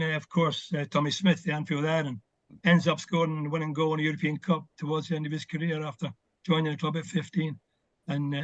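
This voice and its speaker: Chatting over video as an interview guest, an older ex-footballer tells warm, filler-heavy stories from the past. His voice leans high, and the audio is dull with no room sound.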